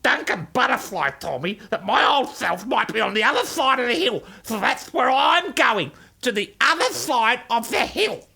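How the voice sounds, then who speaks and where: A man voicing a grumpy young male ant in a children's storybook, speaking in a sulky, high, raspy voice. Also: very animated, normal speed, pushed and bright, full character voice. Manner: whiny and sulky.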